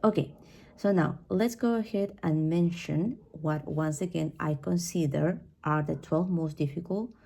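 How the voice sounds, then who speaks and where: A woman's voice: deep voice, a little slow, gravelly, dark tone. A woman who speaks Spanish as her first language, with a Spanish accent, teaching English pronunciation on a podcast in a chatty way, full of fillers and asides like "right?" and "okay?".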